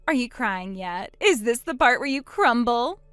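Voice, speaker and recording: A woman's voice: a little high, expressive, unhurried, a bit bright, clean tone, no room sound, faint music behind. A woman voicing a smug, gloating younger sister in a dramatized text-message story, mocking her older sister. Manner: mocking, taunting.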